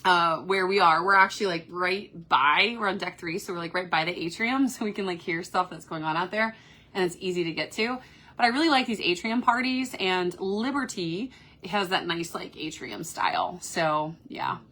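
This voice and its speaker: A bright-voiced woman with a Kentucky accent hosts a casual live stream from her cruise ship cabin. She talks in an upbeat, chatty way, reacting to viewer comments. The sound is from a phone in a small cabin. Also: on the low side, normal speed. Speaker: cruise vlogger host.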